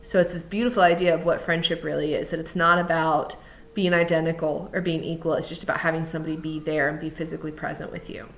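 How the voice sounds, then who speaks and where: A woman's voice: deep voice, little pitch movement, quick pace, roomy sound, a little hiss or hum. A woman teacher reading a novel aloud and stopping to explain it in conversational asides.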